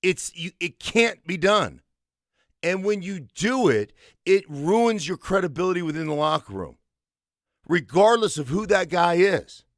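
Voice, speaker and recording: This man in his fifties, once a football player and now a radio co-host, has a high, fairly bright voice and talks sports emphatically in a studio, telling stories with conviction. There's no room sound.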